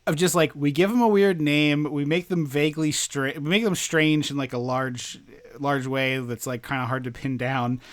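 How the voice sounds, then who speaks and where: Rambling, animated podcast guy. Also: a little high, normal speed. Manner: animated, rambling, lots of fillers and restarts. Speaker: podcast co-host. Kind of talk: casual movie podcast chat.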